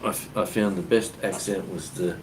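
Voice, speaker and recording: The low, steady voice of an Australian co-host moves at normal speed as he rambles through stories loaded with fillers in a casual chat. Recording is from a distant mic, with background noise clearly present.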